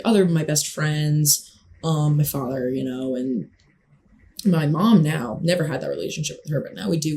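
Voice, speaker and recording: A woman's voice: sits low, darkish tone, slight background noise. A young woman in a casual monologue, talking passionately and emphatically, with lots of swearing.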